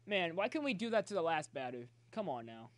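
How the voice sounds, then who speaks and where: Streaming a baseball video game from a phone mic, a young man commentates live, excitably cheering on his players and talking to chat. His voice is a little high and fairly quick, with no room sound.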